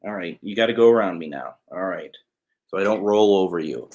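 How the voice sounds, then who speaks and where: A man's voice: low voice, animated, a little fast, a little mellow. A man hosting a live spirit box session, chatting casually while calling out to spirits and talking to his cat. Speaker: host.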